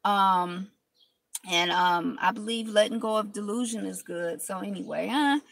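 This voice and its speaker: A woman's voice: mid-range voice, measured pace, creaky, fairly bright tone. A woman with a cold, hosting a casual live stream from inside a car, chatting with viewers and greeting them by name. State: has a cold.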